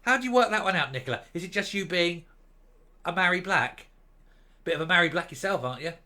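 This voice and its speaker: A man's voice: high voice, animated, quick pace, sharp tone. A man giving opinionated, sarcastic commentary on a news article in a ranting manner. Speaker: commentary vlogger.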